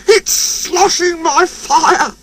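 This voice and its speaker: Brief: small anxious storybook engine, male, squeaky and strained, drawn-out wails voiced by a man. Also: fairly bright tone, slight background noise, exaggerated voice. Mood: fretful. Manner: high fretful cries, panting with effort. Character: small eager young male steam engine.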